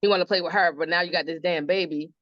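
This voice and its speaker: A woman's voice: on the low side, steady tone, quick pace, no room sound. A woman guest telling stories about her family in a casual podcast chat. She laughs often and acts out what others said. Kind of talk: casual storytelling interview. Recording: dull lo-fi dry sound.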